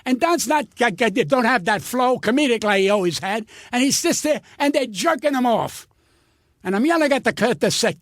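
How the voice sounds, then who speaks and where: A man's voice: very high voice, expressive, moderate pace, fairly bright tone, dry recording, studio quality. An older man, a comedian guest, telling stories in an indignant, profane, stammering rant. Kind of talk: ranting storytelling.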